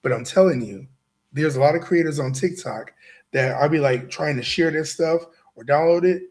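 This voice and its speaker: Speaking at a moderate pace, this male host delivers a motivational talk to a live audience in a fairly high-pitched voice with a darkish tone. He hammers his points home, repeating himself and asking the crowd "right?" again and again.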